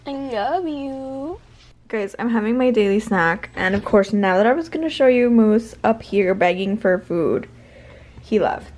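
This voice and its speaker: A woman's voice: mid-range voice, moderate pace, a little mellow, rough recording. A young adult woman chatting casually to camera in a daily vlog, often cooing at her cat. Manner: chatty, talks baby-talk to her cat. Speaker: vlogger.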